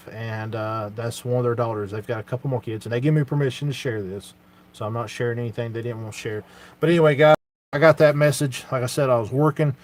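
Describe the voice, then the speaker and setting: A man's voice: mid-range voice, darkish tone. A man hosting a casual live Q&A, talking in an earnest, plain-spoken way with lots of fillers. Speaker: channel host answering viewer questions.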